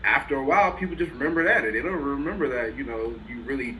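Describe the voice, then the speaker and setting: A man's voice: mid-range voice, animated, quick pace, sharp tone, slight background noise, rough recording. A man co-hosting a sports talk show in casual chat, blunt and profane, laughing as he makes his points. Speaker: podcast co-host.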